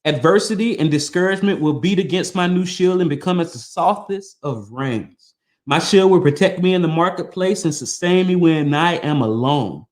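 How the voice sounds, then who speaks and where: A podcast host with a fairly high, darkish male voice reads a motivational text aloud, earnest and emphatic, stopping now and then for casual asides.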